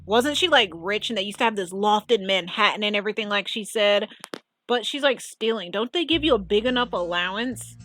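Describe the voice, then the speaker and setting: A woman's voice: mid-range voice, a little fast, soft background music. Chatty woman reacting to a trailer. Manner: chatty, animated, lots of "like" and "oh my gosh". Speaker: video commentator. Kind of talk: casual reaction commentary.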